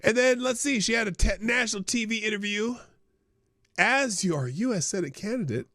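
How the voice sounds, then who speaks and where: A man's voice: sits high, lively intonation, normal speed, sharp tone, dry recording, clean studio sound. A man hosting a live stream, giving casual, sarcastic political commentary and thinking aloud.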